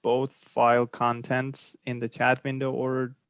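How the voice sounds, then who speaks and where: A man's voice: medium pitch, completely flat delivery, measured pace, smooth, no room sound. A male student in an online class asking short, hesitant questions. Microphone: computer mic on a video call.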